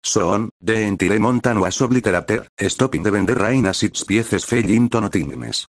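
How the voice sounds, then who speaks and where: A man narrating a fan-made story in a flat, steady reading. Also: on the low side, normal speed, no room sound, studio quality. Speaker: fan fiction reader.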